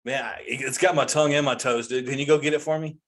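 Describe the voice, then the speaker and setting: A man's voice: medium pitch, steady tone, fast talker. A forty-three-year-old male comedian ranting in an exasperated, incredulous way about common sayings. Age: 40s. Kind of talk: comedic rant.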